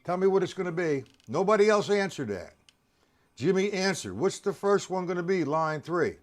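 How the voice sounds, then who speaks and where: A man's voice: high voice, animated, moderate pace. A man teaching a drum lesson on a live stream, quizzing and teasing his students by name.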